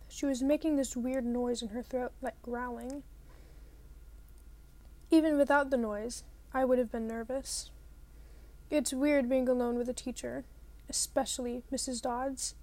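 A woman reading a novel aloud, telling it in a lively first-person way. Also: sits high. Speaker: reader.

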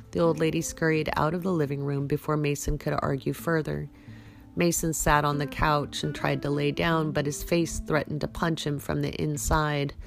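Woman, story reader, low voice, gravelly, unhurried. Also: level tone, soft background music. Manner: unhurried storytelling read with small slips. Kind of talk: reading a story aloud.

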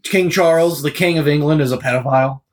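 A man's voice: on the high side, fast talker. A man co-hosting a casual podcast, blunt and swearing freely as he tells stories with energy. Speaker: podcast co-host. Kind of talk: casual chat.

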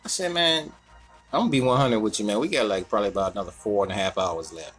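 A man telling a long, profane work story in casual chat. He acts out the other people in a higher voice. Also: fast, fairly bright tone, breathy edge.

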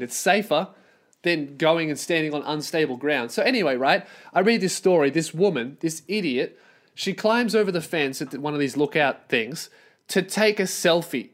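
A man's voice: a little high, normal speed, a bit bright. A man, hosting a solo podcast and ranting in a profane, exasperated, sarcastic way. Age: 20s. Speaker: podcast host.

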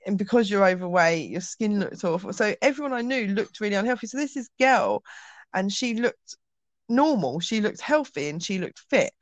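A woman's voice: medium pitch, expressive, normal speed, no room sound. A woman, telling a personal story as an interview guest in a chatty way, acting out dialogue with frequent ums.

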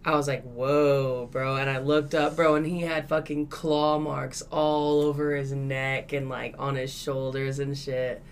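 A woman's voice: sits low, measured pace, few pauses, smooth. A woman co-hosting a podcast, telling a story in casual chat. She swears a lot and acts out what people said. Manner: profane, animated, acts out quotes. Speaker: podcast co-host. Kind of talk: casual storytelling among friends.

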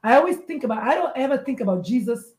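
Expressive woman from Nigeria, echoey room. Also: a little high, fast. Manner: acts out quoted voices, emphatic and expressive. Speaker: guest, pediatrician and life coach. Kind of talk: animated storytelling in conversation.

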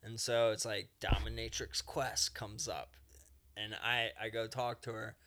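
A man's voice: on the low side, little pitch movement, a little slow, pushed and bright. A man co-hosting a podcast in casual chat, rambling through a story and acting out characters in passing. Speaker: podcast co-host.

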